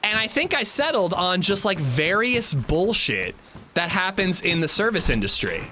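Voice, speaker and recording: A male livestream host with a fairly high, bright voice that swings freely up and down as he talks. He tells profane, animated stories and chats with his viewers between moments of play. Faint noise sits under the voice. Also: moderate pace. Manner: chats with viewers while playing. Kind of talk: casual livestream chat.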